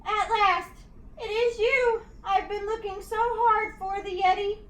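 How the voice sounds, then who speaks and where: A woman voicing an eager, excitable young boy explorer who keeps exclaiming hopefully. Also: very high voice, a little slow, pitched above the performer's own voice. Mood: excited. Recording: echoey room, distant mic.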